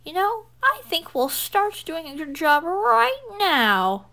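A woman's voice: very high voice, big pitch swings, slow pace, pushed and bright, voice pushed up, full character voice. A woman voicing a cheeky, reckless young male twin tank engine in a home-made storybook.

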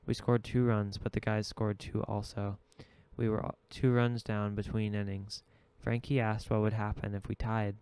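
A man reading a novel aloud in steady, measured audiobook narration. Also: lowish voice, clear, resonant tone, no room sound. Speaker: audiobook reader.

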